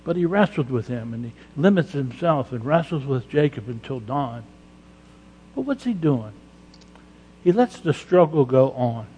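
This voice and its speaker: A male pastor preaching an emphatic sermon, breaking into loud acted-out prayers. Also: medium pitch, sing-song, a little slow, breathy edge. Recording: long hall reverb.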